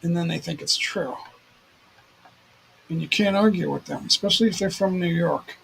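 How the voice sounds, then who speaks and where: A man's voice: a little high, normal speed, vocal fry, fairly bright tone, slight background noise, low-quality recording. A man hosting a livestream in casual chat, rambling and repeating himself. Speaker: livestream host.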